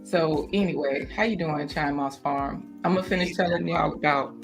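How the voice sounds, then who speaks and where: A chatty woman hosts a casual livestream with a slightly low voice. She talks in an animated way and laughs often, with faint music playing underneath. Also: moderate pace, vocal fry. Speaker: host of a garden livestream.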